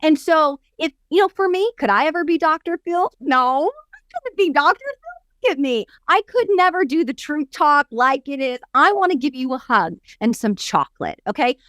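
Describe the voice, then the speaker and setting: Animated high-voiced woman telling a story. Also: moderate pace, few pauses, dry recording, clean studio sound. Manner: animated storyteller who acts out quotes. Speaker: podcast co-host and business coach. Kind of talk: casual podcast chat.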